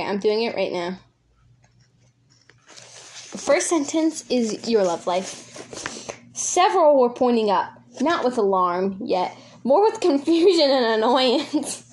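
A woman's voice: on the high side, slight background noise. Rambling, giggly teen girl podcaster. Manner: rambling and giggly, talks to herself. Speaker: podcast host. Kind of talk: casual chat.

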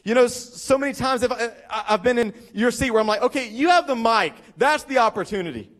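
A young male pastor preaching a sermon, telling a story with lively acted-out quotes and emphatic repetition. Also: extremely high pitch, fast talker. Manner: animated, acts out quoted voices, repeats for emphasis.

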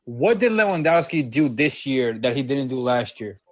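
A man arguing fast and insistently in a casual podcast debate, rattling off statistics and pressing the others to convince him. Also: medium pitch, sing-song, dry recording. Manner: fast, insistent, combative, reels off stats. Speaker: podcast co-host.

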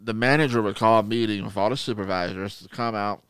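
A man co-hosting a podcast, telling stories in casual chat, animated and profane. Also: lowish voice, fast, few pauses, clear, resonant tone, no echo. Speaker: podcast co-host.

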